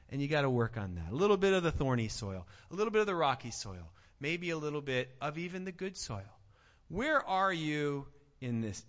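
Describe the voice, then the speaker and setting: Energetic male pastor, high and bright, preaching in an echoey hall with dull sound. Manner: energetic, rhetorical questions, repeats words. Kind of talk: sermon.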